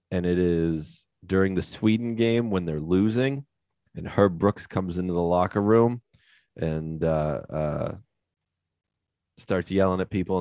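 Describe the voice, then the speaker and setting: A man's voice: low-pitched, a little mellow, dry recording, clean studio sound. A man co-hosting a podcast, chatting casually and retelling movie scenes in a loose, profane way. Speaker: podcast co-host. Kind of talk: casual chat.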